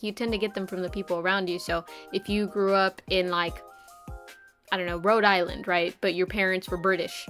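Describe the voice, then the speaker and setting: A woman's voice: fairly low pitch, fairly bright tone. A young woman streamer chatting casually, rambling with lots of fillers and frequent giggles. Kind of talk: casual live-stream chat.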